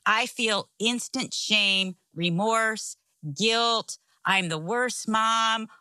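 A woman's voice: fairly high pitch, extremely slow, sharp tone, dry recording. A middle-aged woman co-hosting a casual talk show, telling a story with animation and frequent laughter. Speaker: podcast co-host, pastor's wife.

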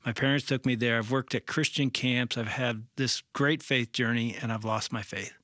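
A man's voice: mid-range voice, moderate pace, no echo, clean studio sound. A middle-aged man, a pastor and co-host, telling a story in casual chat and acting out the quotes. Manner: animated storyteller, acts out quotes.

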